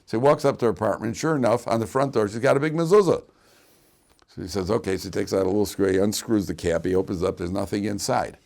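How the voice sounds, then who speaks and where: A man's voice: fairly low pitch, fast, gravelly, a little mellow. A man teaching a Torah class as a rabbi. He tells funny anecdotes, asks rhetorical questions, and quotes Hebrew verses.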